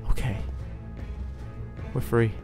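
A man narrating his own game roleplay in an excitable way, often yelping and panicking as things chase him. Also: slow. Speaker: gamer doing a roleplay. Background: game music.

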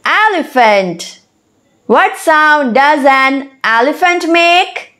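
A woman with a high voice teaches young children, her delivery drawn out and very slow. She speaks deliberately, like a lesson narration, and pauses to spell words out letter by letter. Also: animated, a bit bright.

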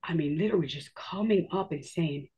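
Animated woman telling her story. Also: low voice, brisk, slightly rough. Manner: animated, swears casually, acts out her own reactions. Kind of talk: casual storytelling.

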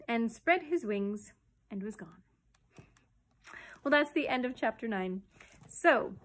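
A woman librarian reading a children's chapter book aloud at story time, gentle and expressive. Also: mid-range voice.

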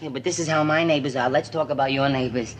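An actor playing a naive, eager young man with a high, goofy, childlike voice in a 1950s film comedy. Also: steady tone, quick pace, a bit bright, natural voice. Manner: gushing and wide-eyed. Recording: old film soundtrack with music.

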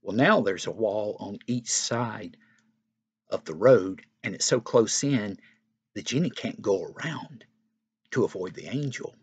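A lower-voiced man tells a Bible story to young children, keeping it loose and chatty and opening many thoughts with "well". His pitch rises and falls a lot as he talks. His voice has a husky edge, and it sounds dry and close to the mic. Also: animated, measured pace, no room sound, highs cut off. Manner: casual and conversational, often begins with "well". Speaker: Sunday school teacher.

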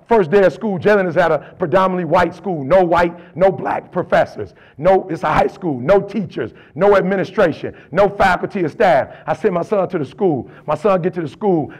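Gravelly man, emphatic motivational storyteller. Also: high voice. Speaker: motivational speaker.

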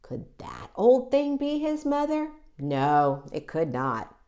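A woman reading a children's picture book aloud, with an expressive, animated delivery. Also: a little high, slow pace. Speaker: children's story reader. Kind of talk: read-aloud storytelling.

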